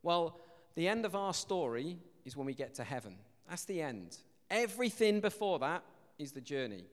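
A young man preaching a casual, jokey sermon in a church, telling stories in a lively, animated way. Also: a little high, moderate pace. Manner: chatty, jokey, animated storytelling with shouted asides. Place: church hall. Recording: long hall reverb.

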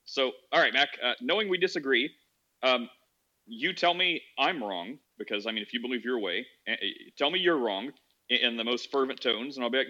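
A man hosting a discussion in an online audio chat room, brisk and joking. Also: medium pitch, lively intonation, bright, forceful tone. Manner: brisk, joking, laughs easily. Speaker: host. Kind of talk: moderating a discussion. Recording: dull lo-fi sound.

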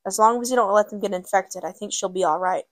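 A steady, gentle mother with a quiet bitterness underneath, voiced by a woman narrator. It is recorded dry and close. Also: medium pitch, quick pace, no echo, lightly acted. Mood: firm.

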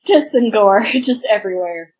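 A woman's voice: medium pitch, lively intonation, moderate pace, a little mellow, husky, muffled recording. A woman co-hosting a podcast, chatting casually and enthusiastically about history and stories, with crude humor. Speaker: podcast co-host. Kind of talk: casual chat.

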